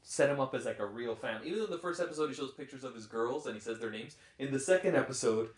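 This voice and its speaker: A man hosting and editing a casual podcast, steering the chat along in an organized way. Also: mid-range voice. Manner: quick, organized, steers the discussion. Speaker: podcast host and editor. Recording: echoey room.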